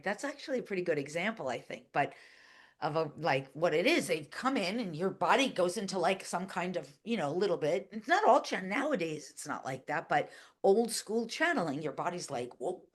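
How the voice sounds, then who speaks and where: A woman being interviewed, telling a long story in a chatty, animated way, with lots of "like" and voices acted out in quotes. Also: lowish voice. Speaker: guest, channeler and animal communicator.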